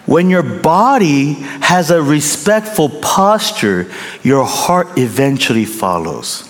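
A middle-aged pastor preaches with a very lively, swinging pitch, driving points home by repeating them. He speaks at an unhurried pace, and his voice carries a long reverb from a large hall. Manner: animated, emphatic, repeats phrases for effect. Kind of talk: sermon.

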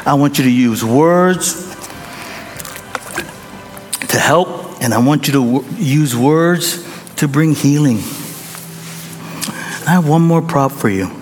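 A man preaching a sermon as a pastor, telling a story with lively acted-out quotes and calls to the congregation. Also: on the high side, takes it slowly, long pauses, in a large hall, soft background music.

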